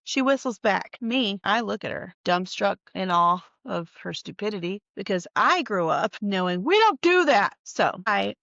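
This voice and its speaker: A woman from North Carolina tells an eerie story from her own life in a fried, gravelly voice, casual and heavy on swearing. She sounds a little tired and leans in conspiratorially. The recording is dull and lo-fi, with a dry, close sound. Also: medium pitch, lively intonation, unhurried, hardly any pauses, a bit bright, no room sound. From North Carolina, USA. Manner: profane, emphatic, conspiratorial. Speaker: storytime vlogger.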